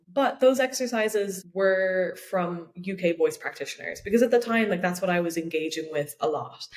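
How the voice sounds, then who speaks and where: A young woman with a lowish voice speaks as a podcast guest, thinking aloud and circling back with plenty of likes and restarts. The room around her rings with a noticeable echo. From Ireland. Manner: thoughtful, full of likes and restarts. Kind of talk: casual interview talk. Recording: roomy echo.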